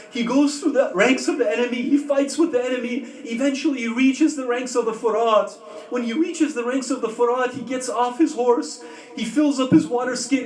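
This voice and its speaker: A man delivers a sermon in a very high voice, telling the story with feeling and asking the listeners questions. The sound is roomy and picked up from a distance, with a faint hum of the hall behind him. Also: darkish tone. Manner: emotive storytelling with rhetorical questions. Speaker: preacher. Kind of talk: sermon narration. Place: community religious center hall.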